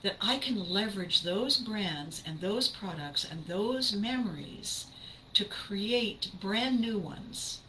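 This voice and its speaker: A woman's voice: medium pitch, lively intonation, slow pace, a bit bright, slight background noise, rough recording. An older woman, a voice actress hosting her podcast, telling stories in an enthusiastic, emphatic casual monologue.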